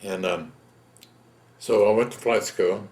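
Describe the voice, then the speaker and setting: A man's voice: lowish voice, steady tone, measured pace, darkish tone, reverberant. A man, telling his own story in a plain-spoken, folksy way in an oral history interview. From Texas. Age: 70s. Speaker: veteran interviewee.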